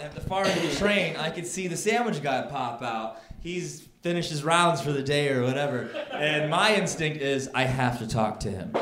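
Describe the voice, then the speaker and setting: A man doing a stand-up comedy set on a club stage, telling an animated story, acting out people and sometimes shouting. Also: high voice, noisy background. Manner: animated storytelling, acts out characters, builds to shouting. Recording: roomy live club sound with crowd laughter.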